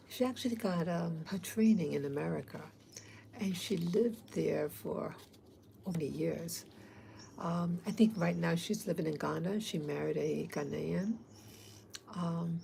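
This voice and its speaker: A woman's voice: lowish voice, mellow, a little hiss or hum, low-quality recording. A woman talking casually to her viewers, rambling and hesitant with many fillers. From abroad, not from Africa. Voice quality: gravelly. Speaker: vlogger. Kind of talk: casual talk to camera.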